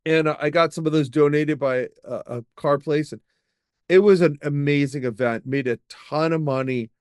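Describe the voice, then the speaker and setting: A middle-aged man, a podcast guest, telling long personal stories in a lively, rambling way, with many fillers and restarts. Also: a little high, normal speed, smooth, dry recording, studio quality. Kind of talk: storytelling in an interview.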